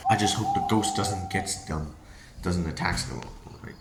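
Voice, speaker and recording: A man voicing several characters in a homemade train drama, switching voices and often frantic and shouting. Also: deep voice, moderate pace. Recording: roomy echo with loud background noise.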